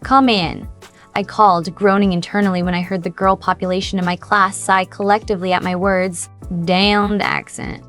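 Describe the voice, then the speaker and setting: A woman reading a first-person story aloud in an even storytelling manner. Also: medium pitch, brisk, few pauses. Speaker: narrator. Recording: faint background music.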